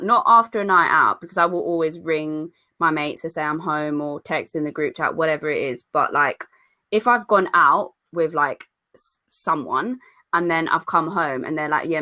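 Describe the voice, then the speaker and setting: Lively young woman, bright voice. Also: low voice, normal speed. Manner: lively storyteller, acts out quoted voices. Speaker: podcast co-host. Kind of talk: casual chat.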